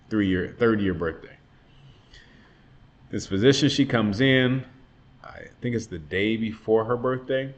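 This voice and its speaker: A man's voice: on the low side, muffled recording. A man in his thirties, a father earnestly telling a personal testimony about a hard time in his life. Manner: earnest, reflective, emotional retelling.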